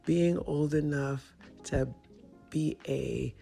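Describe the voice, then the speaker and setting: A woman telling a personal story in a slow, measured, matter-of-fact way. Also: low-pitched, fairly even intonation, vocal fry, warm tone, husky, soft background music. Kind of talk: personal story in a casual chat.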